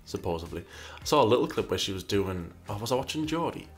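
With faint music playing underneath, a man hosts a casual commentary show, reading out viewer questions and answering in wry, rambling asides that often restart midway. His fairly low voice is sing-song and fast, and he's burpy after breakfast.

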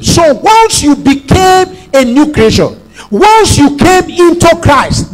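A man's voice: very high-pitched, rough recording. A man preaching a sermon as pastor, emphatic, repeating phrases and prompting the congregation to say lines back.

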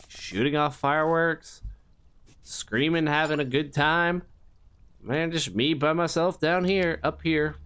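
A man's voice: on the high side, a bit bright. A man giving jokey, rambling commentary while playing a horror game, with mock-innocent asides. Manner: jokey, rambling, sing-song sound effects. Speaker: gaming youtuber. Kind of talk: comedic let's play commentary.

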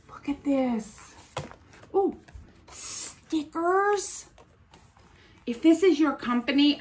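A woman's voice: on the high side, a little mellow, slight background noise. A woman vlogging as she opens gifts, gushing and gasping with delight. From United States. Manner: gushing, gasping, breathy exclamations. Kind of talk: casual unboxing chat.

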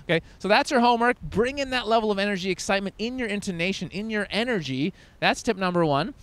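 A man in his thirties coaching on first impressions, talking emphatically and swinging into loud demonstrations. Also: high-pitched, expressive, fast. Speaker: dating coach. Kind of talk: energetic coaching talk to camera.

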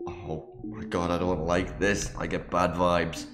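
A man's voice: low voice, flat delivery, takes it slowly, hardly any pauses. A man hosting a let's play, reacting aloud to a game in an unsettled, joking way. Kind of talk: gaming commentary. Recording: echoey room with game music. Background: game music.

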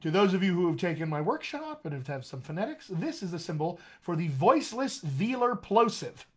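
An upbeat male dialect coach teaches a live online class. His voice sits high for a man, and he keeps checking in with his viewers with a cheerful "all right?" His delivery is chatty and encouraging. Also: big pitch swings, fairly quick, husky. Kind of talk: live-streamed voice lesson.

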